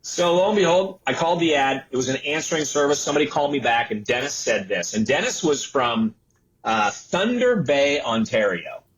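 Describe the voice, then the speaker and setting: As an interview guest, this sixty-something entrepreneur and author recalls his early career at a middle pitch and normal speed. He's full of energy and slips into the voices of those he quotes, though the recording is rough.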